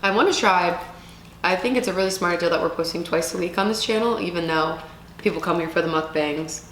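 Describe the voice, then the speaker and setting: A woman's voice: fairly low pitch, brisk, fairly bright tone, slight background noise. A young adult woman co-hosting a casual eating show, chatting between bites. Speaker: co-host. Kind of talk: casual chat. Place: indoors. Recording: echoey room.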